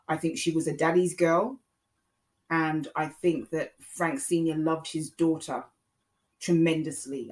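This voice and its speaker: A woman's voice: deep voice, low-quality recording. A woman hosting a podcast, talking casually and earnestly, repeating her points and pleading with her listeners. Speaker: podcast host. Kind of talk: casual opinion monologue.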